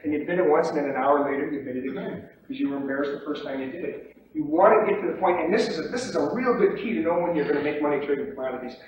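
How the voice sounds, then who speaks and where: Brief: male trading instructor, emphatic and repetitive, slightly higher voice, distant mic in a very echoey room. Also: rapid-fire, lo-fi sound, slight background noise. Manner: emphatic and repetitive, checks in with "okay?". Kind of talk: seminar lecture.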